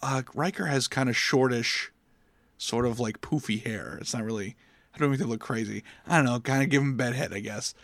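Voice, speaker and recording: A man's voice: medium pitch, brisk, fairly bright tone, no room sound. A man in casual chat who retells scenes animatedly in put-on voices and swears freely. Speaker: podcast co-host.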